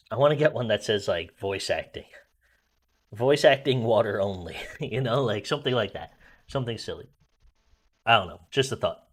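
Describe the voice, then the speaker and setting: A man's voice: on the low side, expressive, normal speed, pauses often. A man who is an amateur voice actor, talking casually and rambling as he coaches viewers from his computer at home on a desk microphone. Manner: rambling, self-correcting, coaching tone. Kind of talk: casual explanatory vlog.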